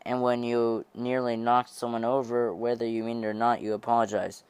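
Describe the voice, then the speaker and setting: A sharp-tongued stooped old man scolds in a nasal tenor, read by a man. The voice stays smooth and close, with a dry sound and no room around it. This is amateur audiobook reading. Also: mid-range voice, flat delivery, normal speed, no room sound, lightly acted. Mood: gruff scolding. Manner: scolding, mocking.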